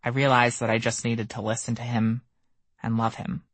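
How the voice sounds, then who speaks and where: A man reading his own memoir aloud as an audiobook, measured and somber. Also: medium pitch, monotone, fairly bright tone, dry recording. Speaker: memoir narrator. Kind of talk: audiobook narration.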